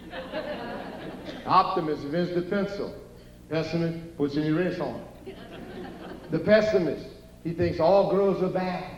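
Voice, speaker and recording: This live stand-up comedy clip, captured as a roomy, distant, dull audience recording, features an older Cajun Louisiana man telling jokes to a theater audience in a wandering, folksy style. He's a stand-up storyteller whose voice sits on the high side with a darkish tone, and a little hiss or hum runs underneath.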